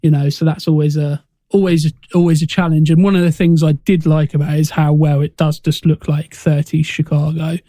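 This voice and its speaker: A man's voice: a little high, flat delivery, fairly quick, hardly any pauses, warm tone, dry recording, studio quality. A man co-hosting a film podcast in casual chat, hesitant and often restarting his sentences. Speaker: podcast co-host.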